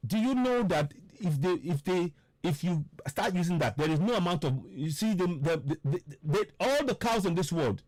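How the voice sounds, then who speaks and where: Fervent man with a lively voice. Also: high voice, moderate pace, hardly any pauses, no room sound. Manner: fervent, preachy, full of repeated rhetorical questions; repeats himself for emphasis. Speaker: political commentator. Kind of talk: impassioned political monologue.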